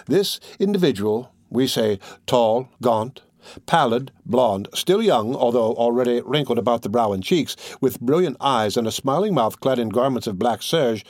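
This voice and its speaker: A man reading a classic novel aloud as narrator, measured and expressive. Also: mid-range voice, no echo, studio quality. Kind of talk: scripted narration.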